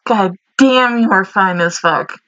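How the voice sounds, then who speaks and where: A woman hosting an anime reaction video, gushing excitedly and swearing freely in casual commentary. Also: mid-range voice, slow, no room sound, muffled recording.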